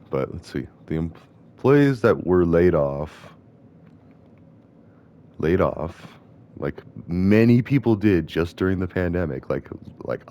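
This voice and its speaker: A man's voice: low voice, a little mellow. A young man ranting and rambling in casual commentary while playing a video game. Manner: ranting, indignant, digressive. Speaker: gaming vlogger.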